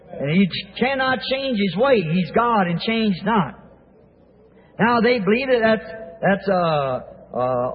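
A preacher with a very high, husky voice tells the story in vivid detail, stumbling and restarting as he goes. The recording sounds thin, like a telephone line, and it rings out in a large hall. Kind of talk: storytelling sermon. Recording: tinny echoey old hall recording.

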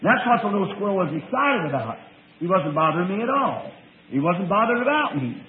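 Preacher man, high voice, rustic drawl, old tinny tape. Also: brisk, a little hiss or hum. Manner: rustic drawl, excited bursts of praise. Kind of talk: folksy storytelling sermon.

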